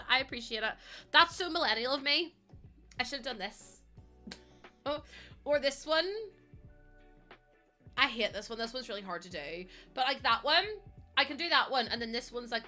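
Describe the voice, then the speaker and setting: A woman's voice: a little high, expressive, moderate pace, pauses often, sharp tone, faint music behind. A young woman, chatting casually and laughing with her stream chat, self-mocking and breaking into song. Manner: chatty, giggly, self-mocking, sings snatches of songs.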